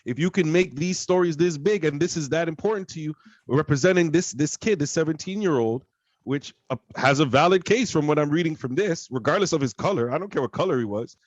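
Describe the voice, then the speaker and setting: A man's voice: fairly high pitch, expressive, brisk, dry recording, highs cut off. A man co-hosting a casual podcast, talking heatedly and emphatically, repeating his points. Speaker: podcast co-host.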